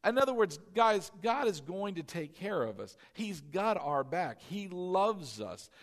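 A man pastor preaching a sermon, animated and leading the congregation to repeat lines after him. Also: high voice, a little slow.

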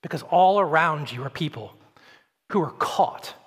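A man's voice: a little high, lively intonation, a little slow, fairly bright tone, husky. A man preaching a sermon as pastor, earnest, often repeating words as he starts a sentence. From Atlanta, Georgia, US. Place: church sanctuary. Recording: long church-hall reverb.

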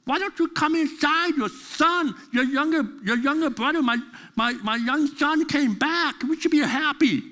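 A man voicing a father gently coaxing his son to come inside. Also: extremely high pitch, unhurried, pitched above the performer's own voice, full character voice. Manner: coaxing, pleading. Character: pleading middle-aged father, gentle.

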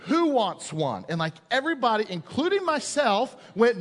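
A man's voice: high-pitched, big pitch swings, normal speed, hardly any pauses. A male pastor preaching a sermon, telling a personal story and acting out the voices of the people in it before turning to scripture. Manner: storytelling, acts out quoted voices, builds to emphasis. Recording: long hall reverb.

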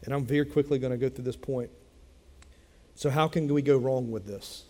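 A man's voice: medium pitch, fairly even intonation, moderate pace, warm tone, long reverb tail. A man preaching a sermon as a pastor, speaking in a conversational way and repeating phrases for emphasis. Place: church sanctuary.

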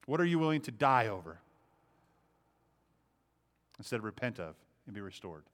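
A man's voice: on the low side, sing-song, moderate pace, a bit bright. A man preaching a sermon, impassioned, repeating phrases and acting out the speech he quotes. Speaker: pastor.

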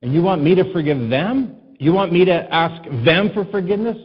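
A man's voice: sits high, lively intonation, brisk, breathy edge, highs cut off. A man preaching a sermon to a congregation in a conversational, storytelling way, often asking the listeners questions and acting out what people said. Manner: conversational, asks the congregation questions, acts out quotes. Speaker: pastor.

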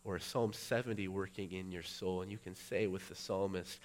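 A middle-aged male pastor preaching a sermon, building to loud, emphatic peaks. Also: low voice, steady tone, normal speed, hardly any pauses.

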